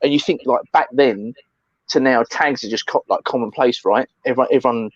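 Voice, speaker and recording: A man co-hosting a casual chat, telling stories with animated energy, acting out other people and swearing freely. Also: mid-range voice, fairly quick, dry recording, highs cut off. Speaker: co-host.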